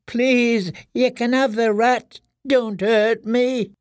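A man voicing a starved, broken male prisoner who whimpers and begs in a thin, weak, squeaking voice, stammering with terror. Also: fairly even intonation, drawn-out words, darkish tone, dry recording, clean studio sound, exaggerated voice. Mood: whimpering, pleading.

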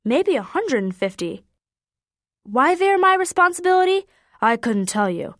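Woman doing a frazzled office guy on the phone, high lively voice, dry sound. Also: a little slow, no echo, exaggerated voice. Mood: exasperated. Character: man on the phone, flustered office director.

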